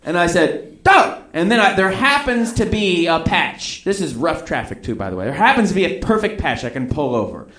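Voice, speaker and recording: A man with a slightly higher voice tells a personal story in a loose, rambling way. He acts out the other people's lines as he goes. The recording has a roomy echo. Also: very animated, a little fast, few pauses, a bit bright.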